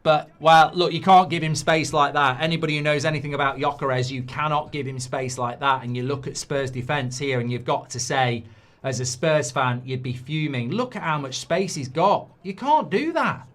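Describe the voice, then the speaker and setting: A middle-aged man hosting a live football watchalong, reacting to the match. He swings between muttered analysis and loud outbursts. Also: on the high side, normal speed. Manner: excitable, swings from muttering to shouting.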